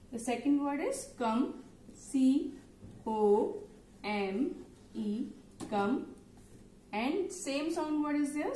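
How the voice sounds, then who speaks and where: Indian english lady teacher, slow and patient, a bit high, faint noise behind. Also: a little mellow. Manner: slow, patient, spells words letter by letter. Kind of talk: phonics lesson for young children. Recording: echoey room, faint background noise.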